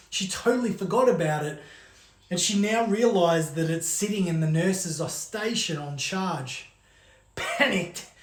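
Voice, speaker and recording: A storyteller telling a scary story in a casual, chatty way, with "like" as a filler. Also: mid-range voice. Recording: roomy echo.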